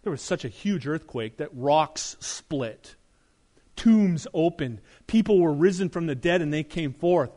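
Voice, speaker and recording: A middle-aged male pastor preaching a sermon, emphatic, asking rhetorical questions and dropping to a soft, earnest tone. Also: a little high, expressive, unhurried.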